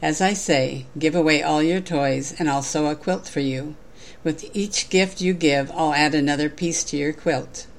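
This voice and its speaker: A woman voicing a kind, calm quilt maker while reading a story aloud. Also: low-pitched, moderate pace. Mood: patient. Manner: gentle, plain storybook reading.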